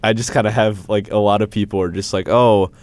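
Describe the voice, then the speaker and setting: Deep-voiced teenage guy, laid-back. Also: flat delivery, quick pace, a little mellow. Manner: laid-back, reads out tips. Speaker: podcast co-host. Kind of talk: casual chat.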